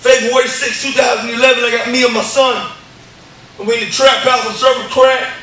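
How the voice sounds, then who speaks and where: A man giving an impassioned church testimony, stammering through repeated words and building up to shouts. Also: extremely high pitch, level tone, a little fast, heavy reverb, distant mic, slight background noise, low-quality recording. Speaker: testimony speaker. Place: church hall.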